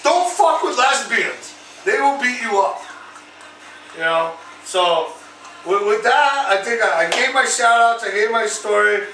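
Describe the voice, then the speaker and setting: A man hosting his own vlog, telling a crude, profane story over drinks in a rambling, animated way. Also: high-pitched, a little slow, reverberant, far from the mic, slight background noise, rough recording. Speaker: vlog host.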